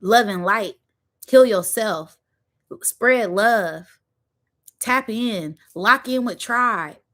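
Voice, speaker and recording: A woman's voice: mid-range voice, extremely slow, a bit bright. A woman, hosting a spiritual motivational monologue in an emphatic, preachy way, repeating phrases and using slang. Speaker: spiritual channel host.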